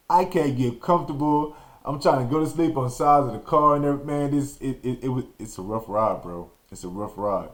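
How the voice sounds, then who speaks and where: A man from Texas hosting a podcast, telling a story in an animated, slangy way and acting out the scenes. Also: mid-range voice. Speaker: podcast host. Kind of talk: storytelling monologue.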